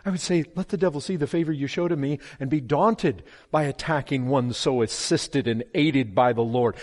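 A man preaching a sermon with fervor, swinging from hushed pleading to loud, impassioned calls. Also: medium pitch, moderate pace, few pauses. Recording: long hall reverb.

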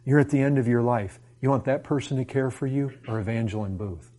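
A man's voice: medium pitch, fairly quick, mellow. Impassioned male preacher. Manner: impassioned, with many rhetorical questions. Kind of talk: sermon.

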